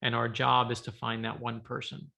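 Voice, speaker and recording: A middle-aged man with a bright, slightly gravelly voice, telling stories in a casual interview. He acts out the people he quotes with animated energy. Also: medium pitch, normal speed. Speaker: author guest.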